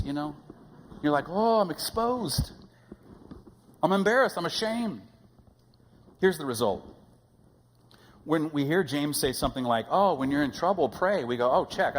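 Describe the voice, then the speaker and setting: A middle-aged man preaching a sermon as pastor, telling stories in an animated way and acting out the voices he quotes. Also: mid-range voice, big-room sound, slight background noise, poor audio. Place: church sanctuary.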